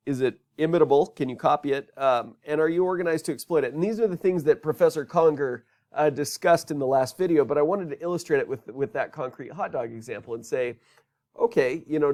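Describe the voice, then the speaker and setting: A man's voice: fairly high pitch, a little mellow. A man teaching a business course in a recorded lecture, talking conversationally and asking rhetorical questions.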